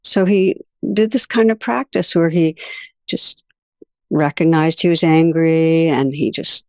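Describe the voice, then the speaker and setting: A woman giving a reflective meditation teaching talk, telling stories gently with soft, unhurried pauses. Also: low voice, dry recording, clean studio sound.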